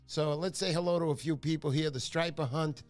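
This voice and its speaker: Middle-aged new guy running a fishing livestream, bit high voice, chatty and jokey, faint music behind. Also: steady tone, fairly quick. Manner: chatty, joking, greets viewers by name. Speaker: fishing show host. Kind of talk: casual livestream chat. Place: home livestream.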